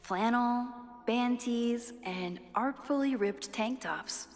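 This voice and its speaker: Max, a soft introspective young woman. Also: fairly high pitch, slow pace. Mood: gentle. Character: young woman, thoughtful and reflective photographer. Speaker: game protagonist. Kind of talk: video game voice acting with inner narration. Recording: game audio with long reverb and music.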